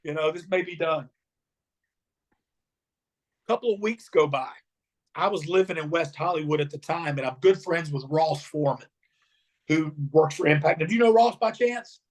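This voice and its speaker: Pitched fairly high and moving at a normal speed, this man pauses often as he recounts stories in an interview. He's middle-aged, once a wrestler, and animatedly performs the quotes and voices of the people he describes.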